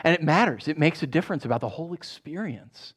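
A man's voice: fairly high pitch, quick pace, breathy edge. A man preaching a sermon as pastor, telling jokey stories and asking the congregation questions. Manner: animated, joking storyteller who asks the congregation questions. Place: church.

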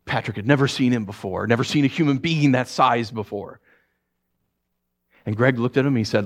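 Hushed, halting male preacher telling a story. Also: medium pitch. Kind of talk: sermon storytelling.

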